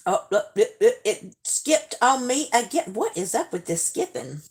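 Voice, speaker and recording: A woman chatting through a live stream. She answers viewer comments one after another, rambles into stories, and laughs easily. Her voice sits in a middle pitch. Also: sing-song, slow, long pauses, husky. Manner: chatty, laughs often, talks to viewers directly. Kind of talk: casual live-stream chat.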